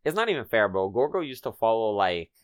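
Young male co-host, low voice, slangy and teasing, dry close sound. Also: very animated, fairly quick, smooth, no room sound. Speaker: podcast co-host. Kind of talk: casual chat.

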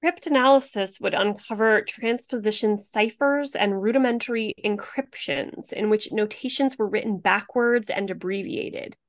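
A woman's voice: mid-range voice, moderate pace, hardly any pauses. A woman co-hosting a true-crime podcast, chatty and blunt, swearing often and filling her talk with "like.". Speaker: podcast co-host.

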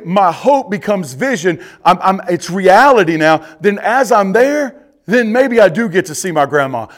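A preacher with a notably high voice delivers his sermon, rising to loud emphatic peaks and dropping to hushed, low asides. He keeps calling out to his congregation as he goes. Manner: preaching with emphatic rises and drops, addressing the congregation directly. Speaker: pastor.

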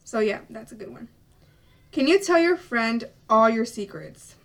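A woman's voice: fairly high pitch, expressive, measured pace, vocal fry. A young woman chatting casually on a vlog, reading out quiz questions in a playful, giggly way. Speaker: vlogger. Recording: from a distance from the mic.

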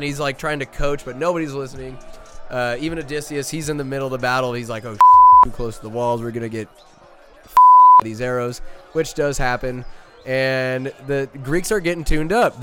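A man hosting a podcast, animatedly retelling a movie plot in a rambling way full of fillers and asides. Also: medium pitch. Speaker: podcast host. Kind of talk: comedic movie recap.

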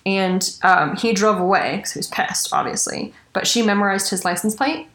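A woman's voice: medium pitch, normal speed, fairly bright tone, echoey room. A woman hosting a casual true-crime podcast, chatty and swearing casually. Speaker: podcast host.

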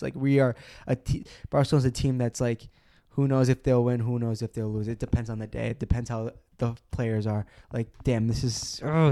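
A man hosting a casual football podcast, ranting excitedly, cursing often and restarting his sentences. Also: mid-range voice.

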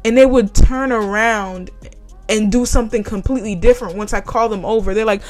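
A woman's voice: a little high, fairly quick, a little mellow, faint music behind. A young woman ranting heatedly and sarcastically in a profane vlog monologue. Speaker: vlogger.

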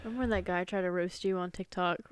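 Smooth-voiced woman, teasing podcast chat. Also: on the low side, steady tone, no echo. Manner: teasing, quick reactions, playful mock quotes. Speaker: podcast co-host. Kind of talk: casual chat.

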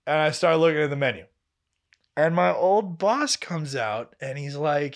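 A man's voice: fairly high pitch, measured pace, creaky. A young man, a podcast co-host, telling a story in casual chat, acting out what others said and swearing freely. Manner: animated, acts out quoted voices, laughs and swears freely.

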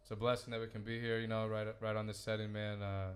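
A man's voice: fairly low pitch, completely flat delivery, fast talker. A man hosting a casual podcast, loose and joking, swearing freely as he introduces his guests. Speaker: podcast host.

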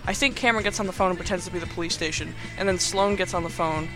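A man's voice: sits high, rapid-fire, music in the background. A young man hosting a podcast, casually recapping a movie in a rambling, filler-heavy, playfully sarcastic way. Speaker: podcast host.

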